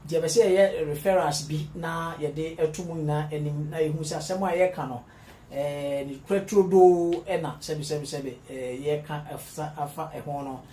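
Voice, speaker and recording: A man's voice: a little high, fairly even intonation, normal speed, warm tone, reverberant, slight background noise. A Ghanaian man hosting an interview, hesitant with many fillers. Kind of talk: interview questions mixing Twi and English.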